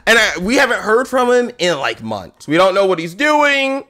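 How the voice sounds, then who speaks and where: Guy ranting about his buddy, super animated, swings all over pitch-wise, bright voice. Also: moderate pace. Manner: animated, exasperated storytelling, bursts of laughter. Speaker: streamer telling a story. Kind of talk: casual chat.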